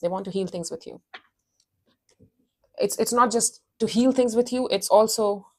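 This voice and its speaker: A woman's voice: medium pitch, moderate pace, slight background noise. A woman giving a casual tarot reading, intense and emphatic, repeating her phrases and calling the listener honey. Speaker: tarot reader.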